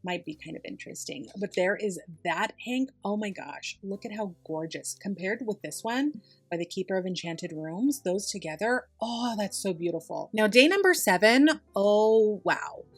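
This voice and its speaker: A woman's voice: on the low side, normal speed, slightly rough, faint music behind. A young woman hosting a casual yarn unboxing review, gushing with enthusiasm and exclaiming over every item. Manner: gushing, enthusiastic, repeats "oh my gosh". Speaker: yarn channel host.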